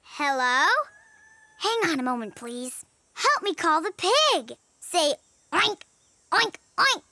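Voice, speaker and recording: A woman's voice: very high-pitched, very animated, slow, no echo, full character voice. A woman voicing an eager, cheerful young mermaid girl in a cartoon, with music playing behind. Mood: playful. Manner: bright and eager, sing-song. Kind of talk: cartoon voice acting.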